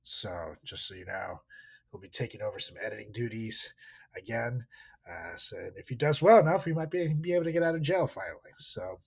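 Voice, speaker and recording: A man co-hosting a podcast in casual chat, animated and profane, laughing often. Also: medium pitch, fairly quick, creaky, breathy edge. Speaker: podcast co-host.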